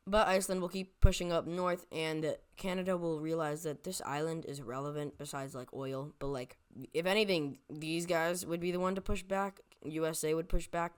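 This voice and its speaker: Rambly narrator doing a what-if map vid, keeps correcting itself, jokey, smooth clear tone. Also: mid-range voice. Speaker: map video creator. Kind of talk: casual map commentary.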